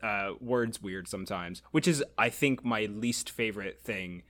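A young man chatting casually, rambling and animated, laughing often. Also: lowish voice, measured pace. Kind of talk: casual chat.

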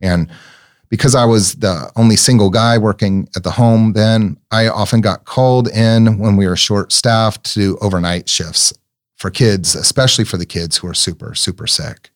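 Earnest middle-aged man, low voice. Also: normal speed. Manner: earnest and gentle, often repeating words as he searches. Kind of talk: reflective sermon-like talk with personal stories.

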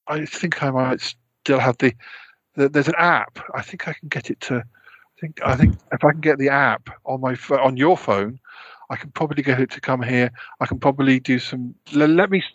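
A man's voice: mid-range voice, moderate pace, a bit bright, breathy edge, dry recording, dull audio. A British man hosting a podcast and acting in an improvised comedy sketch, talking hesitantly with lots of restarts. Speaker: podcast host.

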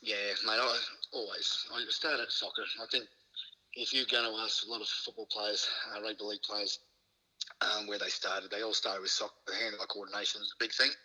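A man's voice: little pitch movement, a little fast, pushed and bright, rough recording. A middle-aged Australian man from Queensland, a former rugby league player who tells stories as a guest, laughing often and acting out what people said. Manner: laughs often, acts out quoted lines with rising pitch. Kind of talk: casual storytelling.

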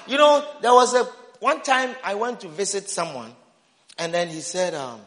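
High-voiced man preaching with a shout. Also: moderate pace. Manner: emphatic, repeating phrases, bursts into shouting. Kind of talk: sermon. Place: church sanctuary. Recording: roomy hall reverb.

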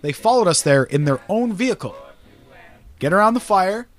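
A man's voice: sits high, moderate pace. A man hosting a podcast, telling rambling, profane stories in casual chat. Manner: profane, rambling, animated storyteller. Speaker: podcast host.

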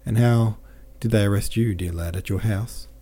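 Kindly little peasant soldier for an audiobook; a man reading it with low, mellow, caressing sing-song delivery. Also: normal speed, husky. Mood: gentle, kindly.

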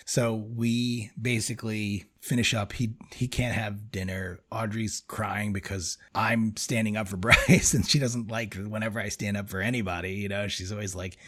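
Husky-voiced man telling a lively story. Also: fairly low pitch, moderate pace, few pauses. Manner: animated storyteller, laughs often between phrases. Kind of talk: casual conversation.

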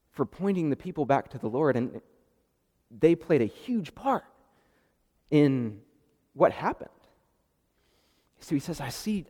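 A man preaching a sermon, animated and acting out the dialogue with sudden jumps in pitch and loudness. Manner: animated, acts out the dialogue with rising pitch and volume. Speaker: pastor. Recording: long reverb of a hall.

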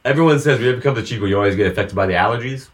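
A man from California co-hosting a casual podcast, laid-back and animated, swearing casually. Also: medium pitch, racing. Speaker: podcast co-host. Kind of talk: casual chat.

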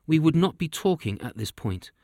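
A brisk, self-assured young princess from a storybook, voiced by a man reading aloud. Her lines sit clearly higher and a touch louder than the narration, quick and decisive, in a dry, close room. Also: big pitch swings, no echo.

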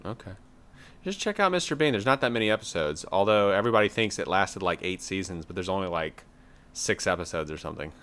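A man's voice: deep voice, expressive, fast, fairly bright tone, clear, resonant tone. A man co-hosting a casual podcast, chatting about movie trailers in a laid-back way, with lots of fillers. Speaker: podcast co-host.

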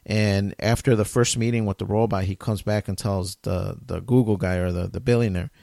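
A man's voice: on the low side, fairly even intonation, moderate pace, vocal fry, dark tone, no room sound, studio quality. A man in casual podcast chat, retelling a story with lots of quoting and fillers.

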